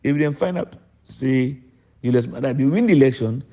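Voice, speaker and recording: Older man, Sierra Leonean accent, mellow voice, emphatic public address, dull lo-fi recording. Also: moderate pace. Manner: emphatic, repeats points with sudden pitch jumps. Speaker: politician. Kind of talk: public address mixing English and Krio.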